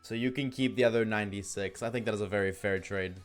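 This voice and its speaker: A man's voice: on the low side, steady tone, fast, soft background music. A tired man streaming a game live, yawning and rambling jokily to his chat. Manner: rambling, jokey, talks to chat. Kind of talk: casual live-stream chat while gaming.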